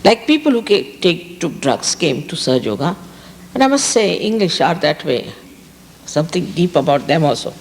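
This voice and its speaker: A spiritual teacher from India addresses an audience at a park gathering outdoors, repeating key words to underline her message. Her deep, gravelly voice is very animated at a moderate pace, trailing a long reverb.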